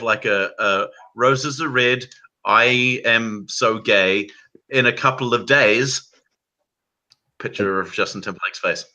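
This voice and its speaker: A man's voice: mid-range voice, bright, forceful tone, low-quality recording. A man hosting a casual group chat, rambling through a story with frequent laughter. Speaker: host.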